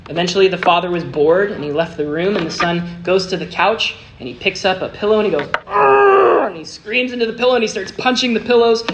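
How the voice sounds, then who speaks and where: A man preaching a sermon, telling a story with big swings between hushed and emphatic delivery. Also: sits high, fast talker, few pauses. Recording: noisy recording with clicks.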